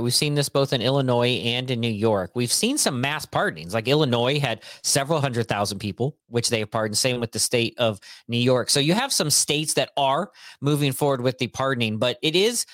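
A man in an easygoing podcast chat, rambling along with asides at a mid-range pitch. His voice is dry and close, with no room echo at all. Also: a bit bright. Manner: rambling, conversational, quick asides. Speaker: podcast co-host. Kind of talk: casual chat.

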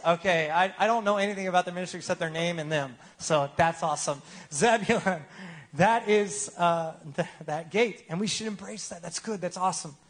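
A man's voice: high-pitched, a bit bright. A man preaching a sermon as pastor in a casual, joking way, often asking the congregation for replies.

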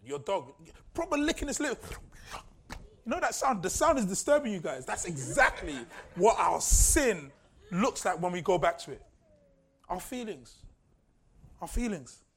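High-pitched guy preaching, jokey and chatty, says the main points twice. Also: sing-song, unhurried. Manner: conversational and humorous, repeats key lines for emphasis. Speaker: pastor. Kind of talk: sermon.

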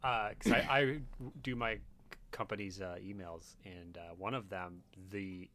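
A man co-hosting a casual comedy podcast, animated and full of restarts. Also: sits low, unhurried. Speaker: podcast co-host.

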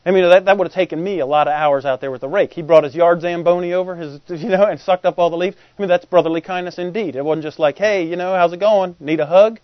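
Folksy preacher, high voice. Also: male voice, dry recording, highs cut off. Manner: folksy, conversational preaching with asides to the congregation. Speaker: pastor. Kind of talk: sermon.

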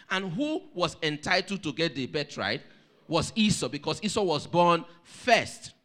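A male pastor preaching a sermon, telling a story with lively energy and putting questions to the congregation. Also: on the high side.

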